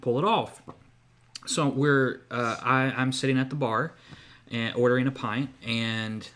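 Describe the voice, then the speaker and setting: A man's voice: medium pitch, steady tone, measured pace, a bit bright. A man co-hosting a podcast, telling a long story in casual chat with many fillers and restarts. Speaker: podcast co-host.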